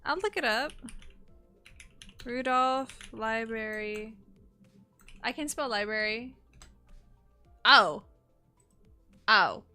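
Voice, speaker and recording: A young woman streaming a game, chatting excitably and swearing freely. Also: fairly high pitch, takes it slowly, pauses often, clear, resonant tone, soft background music. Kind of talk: casual live-stream chat.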